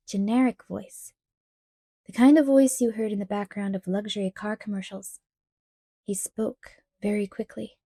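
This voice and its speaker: A woman narrating a novel aloud in a measured, even storytelling manner. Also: medium pitch, dry recording, clean studio sound. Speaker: audiobook reader. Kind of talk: scripted narration.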